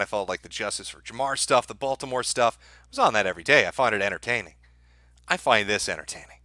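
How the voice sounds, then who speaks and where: A middle-aged man hosting a live stream, his voice bright and forceful. He talks to his chat in a crude, mocking, deadpan way. The sound is dry and close on a desk mic. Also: medium pitch, dry recording. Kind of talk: sardonic live-stream commentary.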